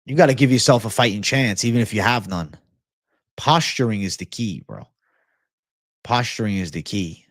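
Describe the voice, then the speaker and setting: A young man hosting an MMA livestream, chatting casually and reading comments in a profane, excitable bro style. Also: lowish voice, moderate pace, pauses often, no echo, clean studio sound. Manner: profane, excitable, laid-back bro talk.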